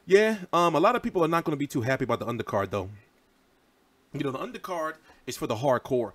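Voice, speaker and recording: A man in his thirties rambles through a casual livestream, loose and profane as he answers viewer comments. His voice sits a little high for a man and swings widely up and down. The sound is close and dry, with no room around it. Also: big pitch swings, quick pace, fairly bright tone, no room sound. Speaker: boxing channel livestream host.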